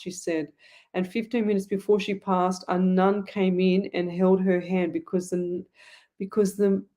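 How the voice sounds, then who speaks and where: A woman's voice: mid-range voice, warm tone. Middle-aged aussie lady doing live psychic readings, talks on and on, keeps restarting her sentences. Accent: Australian. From Australia. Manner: chatty, rambling, full of restarts and asides. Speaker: psychic medium host. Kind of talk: live online reading, answering viewer comments.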